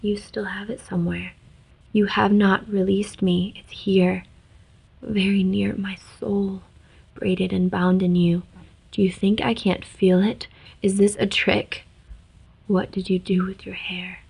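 A hungry hundred-year-old male ghost, as a woman reader puts him on, with a hushed, half-whispered delivery that sits low and quiet. The voice is husky, with a gravelly edge, and stays flat in tone. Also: measured pace, exaggerated voice, poor audio. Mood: hushed pleading.

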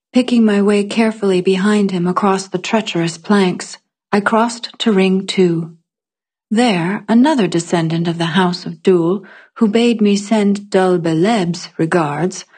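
A woman narrating a fantasy story in the first person, in a measured storytelling manner. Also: medium pitch, darkish tone, breathy edge. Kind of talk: audiobook fiction narration.

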